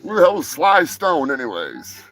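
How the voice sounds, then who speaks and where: A man's voice: on the high side, wildly swooping pitch, moderate pace, fairly bright tone, faint music behind. A man hosting a live comedy stream who rambles profanely and keeps correcting himself mid-sentence. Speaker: live show host.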